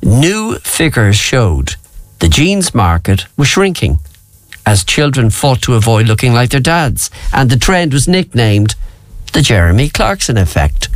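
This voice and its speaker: A man's voice: mid-range voice, big pitch swings, measured pace, dry recording. A man hosting a radio show, chatting casually through on-this-day facts with playful asides to the listener, speaking into a studio mic. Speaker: radio host.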